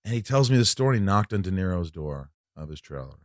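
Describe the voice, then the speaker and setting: A man's voice: deep voice, big pitch swings, quick pace, no room sound. Man, casual storytelling, rambling, stammers, self-deprecating, dry close sound.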